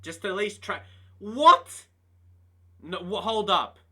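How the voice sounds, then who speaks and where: A man's voice: sits high, fairly quick, breathy edge. A man live-streaming a football management game, chatting to his viewers and exclaiming in disbelief. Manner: excitable, talks to chat, laughs and exclaims in disbelief. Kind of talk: casual live-stream commentary.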